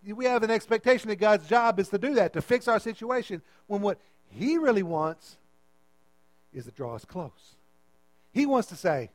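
A man's voice: high-pitched, expressive, moderate pace, dry recording, poor audio. A man preaching a sermon as pastor, emphatic and repeating his phrases as he calls out to the congregation.

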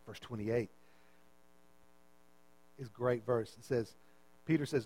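A man's voice: medium pitch, takes it slowly, pauses often, warm tone, dry recording, poor audio. A man preaching a sermon as pastor, emphatic and repeating his phrases as he calls out to the congregation.

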